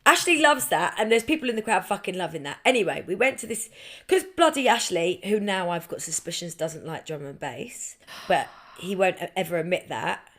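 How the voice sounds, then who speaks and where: A woman in her thirties, co-hosting a podcast and telling a story in lively casual chat, swearing often. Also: fairly low pitch, brisk. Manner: animated storytelling, frequent swearing. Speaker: podcast co-host.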